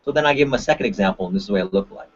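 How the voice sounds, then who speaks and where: Animated martial arts instructor, lo-fi audio. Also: male voice, lowish voice, rapid-fire, slightly rough. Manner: animated, acts out examples with shifting voices; frequent "right?" tag questions. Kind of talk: webinar presentation. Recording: dull lo-fi webinar audio.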